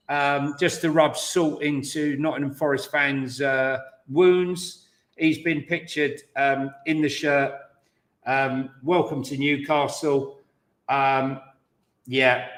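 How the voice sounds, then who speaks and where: A man co-hosting a football podcast, relaxed and casual, with fillers like "um" and "look". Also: a little high, slow pace, echoey room.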